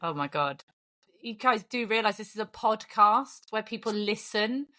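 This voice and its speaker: A woman's voice: medium pitch, expressive, moderate pace, pushed and bright. A woman hosting a casual podcast, teasing her co-hosts in a dry, bossy way. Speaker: podcast host. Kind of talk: casual chat.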